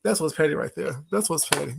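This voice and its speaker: Gravelly, gossipy man on a livestream. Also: on the high side, fast, a little hiss or hum. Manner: gossipy, teasing and laughing often. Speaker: livestream host talking to chat. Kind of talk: casual late-night livestream gossip.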